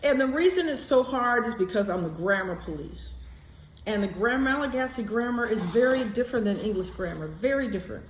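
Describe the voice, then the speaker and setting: Woman, casual vlog chat, animated, echoey room, faint background noise. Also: on the high side, brisk. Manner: animated, chatty, swears casually. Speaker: vlogger.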